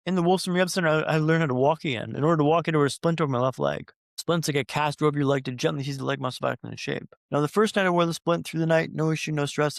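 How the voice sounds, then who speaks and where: A man's voice: a little high, racing, gravelly, hardly any pauses, dry recording, clean studio sound. A man telling his recovery story as a podcast guest, like a practiced speaker, with repeated phrases for rhythm and speaking straight to the host. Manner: addresses the host directly.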